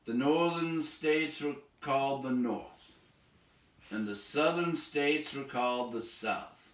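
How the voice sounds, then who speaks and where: Wry Boston teacher reading aloud. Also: male voice, mid-range voice, slow pace, a bit bright, recorded from a distance. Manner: wry, sardonic asides. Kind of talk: reading a textbook aloud with asides. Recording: echoey room, voice off-mic.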